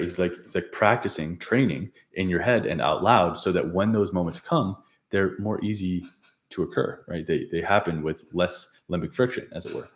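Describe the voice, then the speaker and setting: A young man coaching on habits, recapping a client session in a casual, rambling way, correcting himself and laughing at his own slips. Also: deep voice. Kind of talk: casual unscripted vlog recap.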